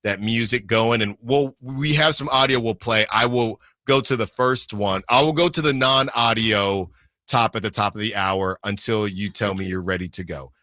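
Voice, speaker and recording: A man co-hosting a sports radio show, chatting casually and reading promos with brisk energy. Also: on the low side, sharp tone, no echo.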